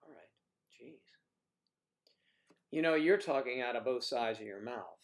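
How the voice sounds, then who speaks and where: A man's voice: mid-range voice, expressive, a little slow. A man hosting a livestream, chatting casually and joking in rambling asides as he reacts to viewer comments. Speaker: livestream host.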